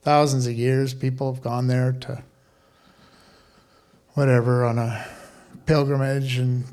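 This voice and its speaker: A man pastor preaching a sermon in a conversational, animated way, with casual asides and questions to the congregation. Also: mid-range voice, a little slow.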